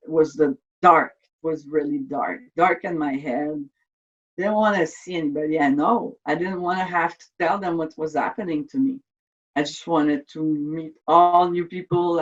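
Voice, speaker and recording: Halting French-native woman, heard from afar. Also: deep voice. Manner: halting, repeats words and restarts sentences; earnest, openly emotional recounting. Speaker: interviewee. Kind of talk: personal testimony interview. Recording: distant, slightly dull mic sound.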